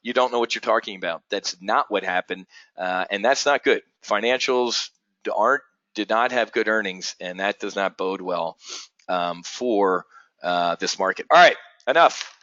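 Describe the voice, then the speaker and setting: A man hosting a live options trading webinar, talking in a blunt, energetic, rambling way and calling his listeners "folks". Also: on the low side, moderate pace, no room sound. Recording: dull, lo-fi dry webinar audio.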